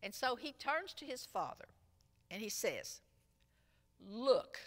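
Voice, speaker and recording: A woman teaching a Sunday school lesson, retelling a parable in an expressive storytelling way. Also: on the high side, moderate pace. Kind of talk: Bible lesson. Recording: long echo from a large room.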